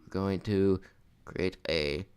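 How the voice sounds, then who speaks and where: A man's voice: low-pitched, fairly even intonation, slow pace, smooth. A young man streaming a game in casual chat, rambling and restarting his words, with a slightly sore throat. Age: young adult.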